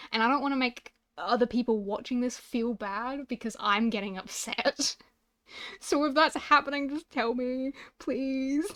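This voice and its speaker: A woman's voice: high-pitched, no echo, studio quality. A young woman streaming a game, chatty and self-deprecating, swearing casually, with a slightly sore throat. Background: game music.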